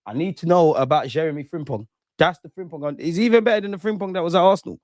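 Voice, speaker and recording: Give me an excitable young man in his own voice, trading banter with his chat during a live football match, in a dry, close recording. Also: a little high, fast talker, dry recording. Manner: excitable, banter-heavy, trash-talking. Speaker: streamer hosting a football watch-along. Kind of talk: casual live commentary, chatting with viewers.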